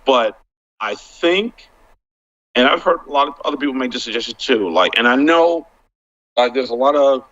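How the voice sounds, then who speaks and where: A man chatting as a panel guest, halting and restarting, filling his talk with "like". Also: medium pitch, expressive, fairly bright tone. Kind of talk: casual panel chat. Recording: dull, lo-fi sound.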